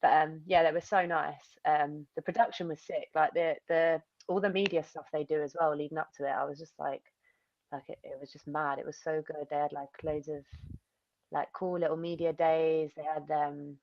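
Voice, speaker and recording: A young woman, an MMA fighter from the UK, chatting casually in an interview, rambling and animated, with lots of fillers and quoted asides. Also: low-pitched, normal speed, lo-fi sound.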